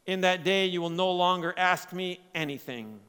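A man preaching a sermon, swinging between loud emphatic lines and quiet, low asides. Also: normal speed, clean tone. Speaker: pastor. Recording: long hall reverb.

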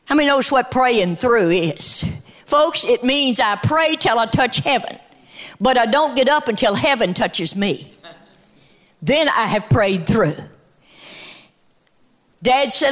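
A middle-aged woman preacher delivering a sermon in a rhythmic cadence that builds to shouts, then shifts into storytelling. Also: on the high side, animated, slow pace, pauses often.

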